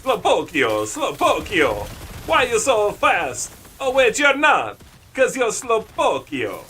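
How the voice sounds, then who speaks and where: A man putting on a silly accented voice for a slow snail character. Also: high-pitched, wildly swooping pitch, sharp tone, a little hiss or hum, voice pushed up, full character voice. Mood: teasing. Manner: teasing, put-on accent.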